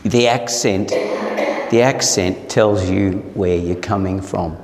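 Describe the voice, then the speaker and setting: A man's voice: low-pitched, takes it slowly, a little mellow. A middle-aged man with an Australian accent, preaching a sermon in a conversational, storytelling way. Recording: roomy hall with long reverb.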